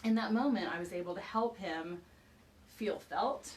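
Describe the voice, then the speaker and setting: A woman parenting expert explaining ideas through a lively personal anecdote in casual conversation. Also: medium pitch, normal speed, distant mic, a little hiss or hum, rough recording. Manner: animated storyteller, acts out quoted dialogue. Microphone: video call.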